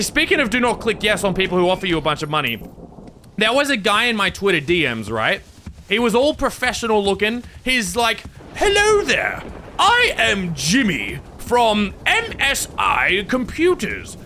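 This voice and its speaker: A man's voice: high voice, pushed and bright, slight background noise. A man commenting on his gameplay in a jokey, rambling way, easily startled and prone to yelps. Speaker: gaming video creator.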